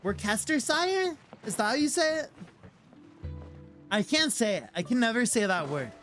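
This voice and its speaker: A man's voice: extremely high pitch, big pitch swings, slow pace, a bit bright, faint music behind. A man streaming a game as a VTuber, chatting casually, exasperated and stumbling over words.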